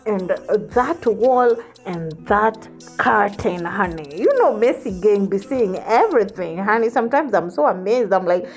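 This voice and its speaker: A woman's voice: medium pitch, expressive, unhurried, a little mellow, soft background music. A woman hosting a celebrity gossip vlog, sassy and teasing, often saying honey.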